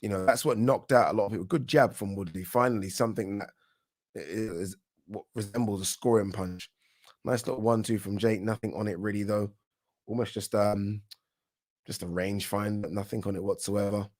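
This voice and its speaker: A man with a British accent giving casual live commentary on a boxing match for his channel, chatty and quick to react, often restarting his words. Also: on the low side, fairly even intonation. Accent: British English. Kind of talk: live watch-along fight commentary.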